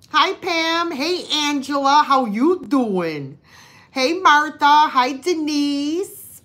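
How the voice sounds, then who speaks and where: A woman's voice: high voice, bright, forceful tone. A middle-aged woman hosting a live sale, casually chatting, laughing often and greeting viewers by name. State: cold, complaining of freezing.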